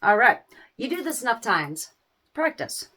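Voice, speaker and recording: A middle-aged woman talking casually to parents in a folksy, animated way, laughing often. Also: on the high side, unhurried, slightly rough. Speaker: small business owner giving parenting advice. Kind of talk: casual chat to camera.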